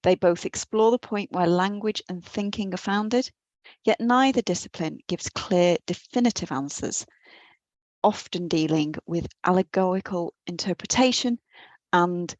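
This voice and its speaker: A woman delivers an academic lecture in a low voice, earnest and a little self-deprecating, now and then restarting a phrase. The sound is dry and close, as if recorded at her computer. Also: measured pace, dry recording, dull audio. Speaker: guest lecturer. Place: her office at home or work, on a computer.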